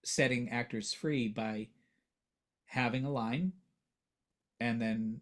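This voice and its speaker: A man, a voiceover actor and coach, talking earnestly in a casual interview and growing animated as he makes his points. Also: mid-range voice, takes it slowly. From United States.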